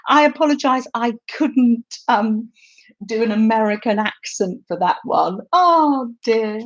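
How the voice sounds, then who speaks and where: A woman's voice: on the high side, animated, measured pace, highs cut off. A woman hosting a craft livestream, chatting to viewers in a giggly, rambling way while demonstrating. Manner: chatty, giggly, restarts often. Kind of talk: casual craft demonstration to live chat.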